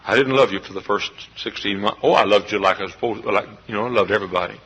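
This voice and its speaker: A middle-aged man preaches a sermon to his congregation. His voice sits low and husky but has a bright, forceful edge. He drops to a hushed confiding tone, then bursts into shouts. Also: racing, poor audio. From Texas. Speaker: pastor. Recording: live church service recording.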